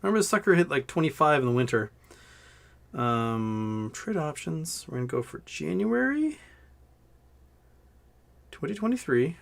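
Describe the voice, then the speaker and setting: A man's voice: fairly high pitch, gravelly, a bit bright. Man with a scratchy throat, rambling. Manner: rambling, jokey, reads viewer questions aloud. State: scratchy throat after illness. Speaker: livestream host. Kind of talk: casual livestream chat.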